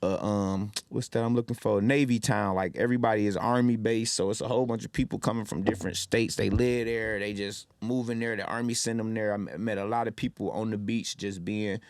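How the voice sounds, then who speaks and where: A man in his thirties from Detroit, telling lively stories as a podcast guest and acting out what people said. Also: lowish voice, fairly quick, few pauses, no room sound. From Detroit, Michigan. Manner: animated storyteller, loud when acting out quotes. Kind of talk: casual storytelling.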